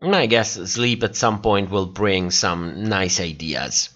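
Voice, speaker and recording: A tired man hosts a livestream, drifting through viewer comments at an unhurried pace. His pitch rises and falls a lot as he chats, and he breaks into laughter often. The sound is dull and lo-fi, like typical stream audio. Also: animated, fairly bright tone. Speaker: livestream host. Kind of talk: casual chat reading live comments.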